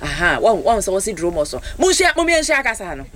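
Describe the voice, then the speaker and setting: A woman hosting a radio morning devotion, urging listeners to give thanks in an animated, exhorting way while switching languages. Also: mid-range voice, fast.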